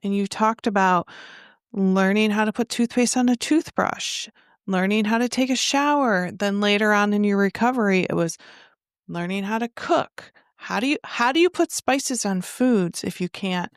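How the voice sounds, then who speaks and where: A woman's voice: medium pitch, moderate pace, no echo. Chatty woman host, easy laughs, dry close mic. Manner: warm, chatty, laughs easily. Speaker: podcast host. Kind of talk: casual interview chat.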